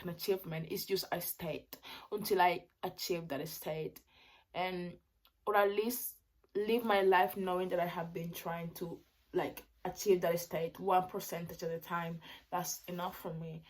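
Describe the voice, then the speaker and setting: Expressive young woman vlogging on her phone. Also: lowish voice. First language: Spanish. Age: 20s. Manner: expressive, swings between loud excited bursts and quiet reflective talk. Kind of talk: casual vlog monologue.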